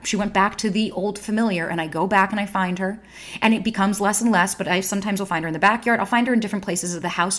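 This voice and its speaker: Woman, young adult, podcast host, candid solo talk, blunt, emphatic, swears, plays out inner voices. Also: medium pitch.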